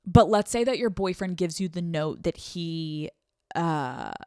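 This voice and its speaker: A woman's voice: fairly low pitch, animated, measured pace, a little mellow, clear, resonant tone, no room sound, clean studio sound. Frank, profane woman podcast host. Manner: candid and profane, acts out quoted voices. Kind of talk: casual solo podcast advice talk.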